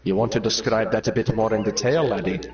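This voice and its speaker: A man's voice: fairly low pitch, steady tone, fast, echoey room, recorded from a distance, lo-fi sound, a little hiss or hum, voice pushed down, lightly acted. A man voicing a lecherous old Irish priest with a put-on Irish accent, wheedling and leering in a confessional skit.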